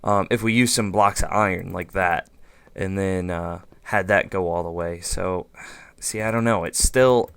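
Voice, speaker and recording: A man's voice: low voice, steady tone, a little slow, fairly bright tone, clear, resonant tone, dry recording. A man hosting a let's play, thinking aloud in casual gameplay commentary with lots of fillers and goofy asides.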